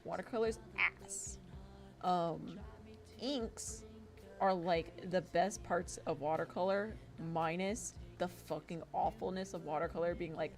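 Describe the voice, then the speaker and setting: Woman, streamer, casual chat, profane rant, slightly low pitch, background music. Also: unhurried, creaky. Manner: profane, ranting, voices imagined arguments. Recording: music playing behind.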